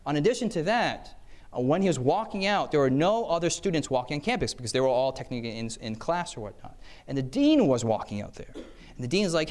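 With a slightly high, lively voice and a somewhat fast delivery, a preacher tells stories in a talk on time management. He's engaging, checks in with "okay?" and "yes?", and performs quoted voices mid-story.

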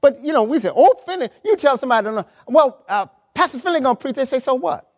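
A man's voice: extremely high pitch, expressive, very fast. A man preaching a sermon as pastor, emphatic and colloquial, repeating words and pressing his points to the congregation. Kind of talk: lively sermon.

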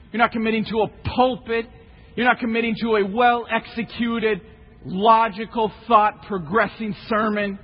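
A man preaching a sermon with passion, swinging between shouting and hushed tones. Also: sits high, husky. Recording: echoey hall, slightly muffled.

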